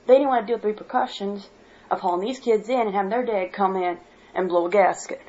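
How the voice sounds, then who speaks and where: A woman's voice: medium pitch, quick pace, darkish tone. Fired-up, foul-mouthed woman vlogger. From Michigan. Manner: worked up, blunt, swears freely. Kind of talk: impassioned personal monologue. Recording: dull lo-fi home recording.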